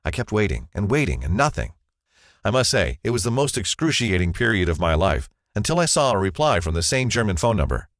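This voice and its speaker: A man's voice: on the low side, sing-song, brisk, no echo, clean studio sound. A man narrating a scripted first-person advertisement as a confessional story.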